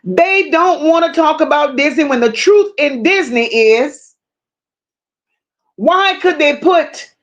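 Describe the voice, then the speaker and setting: Blunt, high-voiced woman livestream host. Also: animated, moderate pace, dull audio. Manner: blunt, emphatic, greets viewers by name. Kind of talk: casual livestream commentary reading chat.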